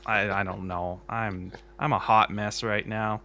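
A man's voice: lowish voice, fairly even intonation, unhurried, hardly any pauses, sharp tone. A man guesting on a podcast, joking theatrically and poking fun at himself. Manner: self-mocking, jokey, theatrical. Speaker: podcast guest, game composer. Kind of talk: casual podcast chat. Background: music.

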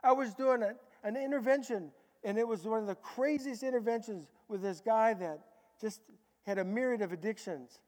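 High-voiced male pastor in a reverberant hall. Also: moderate pace. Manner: animated storytelling, swinging from loud bursts to hushed tones. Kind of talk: sermon.

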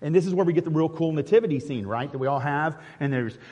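A male pastor leads his congregation through a Christmas nativity, chatty, joking and quick to laugh as he assigns parts. His voice sits a little on the high side for a man. The sound carries a long reverb from a big church hall. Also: warm tone. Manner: playful and chatty, laughing often, with many restarts. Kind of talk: interactive Christmas sermon, directing a live nativity skit. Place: church sanctuary.

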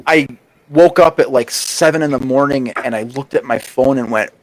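A man's voice: mid-range voice, background noise. A man who drives trucks, chatting casually with friends in a blunt, profane way. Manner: blunt, swears, drawn-out asides. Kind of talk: casual chat among friends.

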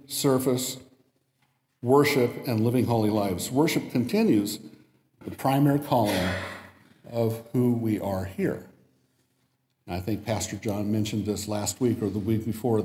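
A man's voice: lowish voice, dark tone. A man giving a sermon in a church and reading a story aloud, lifting his voice for the quoted lines. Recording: echoey hall with long reverb.

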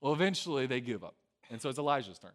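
A man preaching a casual storytelling sermon, conversational and peppered with "right?", who swings from loud acted lines to quiet, low asides. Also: sing-song, rapid-fire. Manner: conversational, with a frequent tag "right?". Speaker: pastor.

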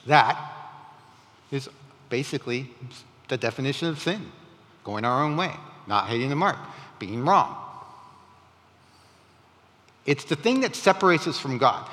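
A man preaching a sermon in a conversational, animated way, with rising emphatic questions. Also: mid-range voice, big-room sound. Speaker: pastor.

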